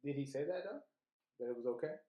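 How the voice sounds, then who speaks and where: Chill podcast guy tossing in short comments, mellow voice, echoey room. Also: medium pitch, animated, fast talker. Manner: laid-back, brief interjections and pushback. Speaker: podcast co-host. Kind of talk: casual podcast chat. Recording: roomy echo.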